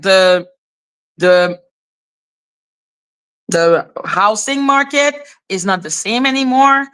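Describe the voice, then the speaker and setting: A woman's voice: fairly low pitch, a bit bright, clear, resonant tone. A woman whose first language is French, from Haiti, streaming live and ranting in an exasperated, profane, lecturing way, repeating herself. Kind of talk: heated casual rant.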